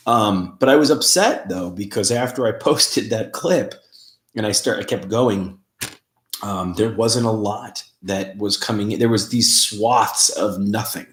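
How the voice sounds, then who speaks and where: A man's voice: fairly low pitch, measured pace, fairly bright tone. A man hosting a casual livestream, rambling and laughing as he reads viewer comments. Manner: rambling, laughs often, many fillers. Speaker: paranormal show host. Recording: roomy echo.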